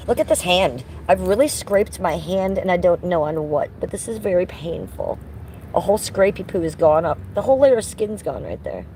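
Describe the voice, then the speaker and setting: A woman's voice: on the low side, animated, moderate pace, mellow, slight background noise. A woman live streaming from her phone while walking around, chatting casually with her viewers, rambling and addressing them by name, coughing now and then from smoke.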